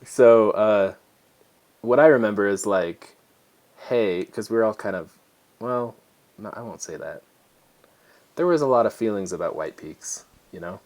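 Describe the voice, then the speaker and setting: Very low-voiced dude, guest on a podcast, kinda hesitant and jokey. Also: male voice, lively intonation, measured pace, long pauses, a little mellow. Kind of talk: casual podcast chat.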